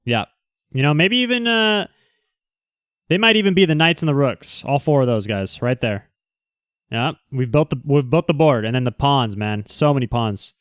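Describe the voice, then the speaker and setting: A man hosting a casual livestream, talking loosely and jumping between asides to the people watching. His voice comes across smooth and resonant. The sound is close and dry, with no room around it. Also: mid-range voice, lively intonation, fairly bright tone, no room sound. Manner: rambling, quick asides to viewers. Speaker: livestream host.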